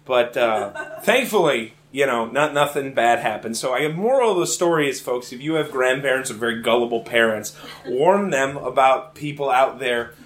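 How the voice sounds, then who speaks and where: A young man from Virginia telling a rambling, animated comic story live. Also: mid-range voice, normal speed, hardly any pauses. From Richmond, Virginia, US. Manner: animated, rambling, self-amused. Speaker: comedic storyteller. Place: theater lounge. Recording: roomy theater lounge.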